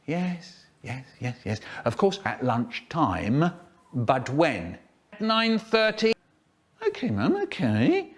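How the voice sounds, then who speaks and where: A man telling a children's story in a spliced comic edit, with drawn-out words and sudden squeaky jumps in pitch. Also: very animated.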